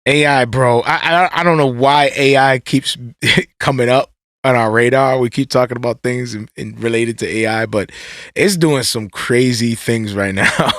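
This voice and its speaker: A man's voice: medium pitch, moderate pace, no echo, studio quality. A young man co-hosting a casual chat show, laughing often and jumping between thoughts. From Puerto Rico. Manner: laughs often, animated, restarts mid-sentence. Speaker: podcast co-host.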